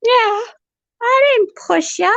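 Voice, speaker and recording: A woman coos at her pets in slow baby talk, her voice very high and lively. The recording is dull and lo-fi with a dry, close sound. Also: vocal fry, no echo. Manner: sing-song and cooing, swooping pitch. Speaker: pet channel host. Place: indoors at home among animal cages.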